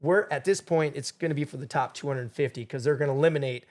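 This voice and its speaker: Animated storytelling man, higher voice. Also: fast talker. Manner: animated storyteller, acts out quotes loudly. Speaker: game show contestant guest. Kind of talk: storytelling in a podcast interview.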